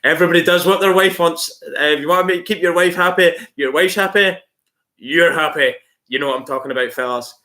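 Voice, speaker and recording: A married man chats casually on a live stream, reading out viewer comments and giving blunt opinions. He swears freely and calls his viewers "mate," and his voice comes across bright and forceful. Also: a little high, a little fast. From outside Australia. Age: adult, married. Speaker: channel host answering viewer comments.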